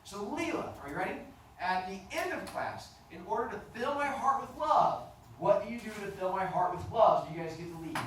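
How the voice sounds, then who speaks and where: A playful, mock-stern middle-aged man teaches his class, teasing students as he quizzes them. His voice swings widely in pitch. The recording is a very echoey classroom picked up from a distance with clear background noise. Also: lively intonation, fairly quick, a bit bright. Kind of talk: classroom instruction. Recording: echoey classroom from far off, noisy.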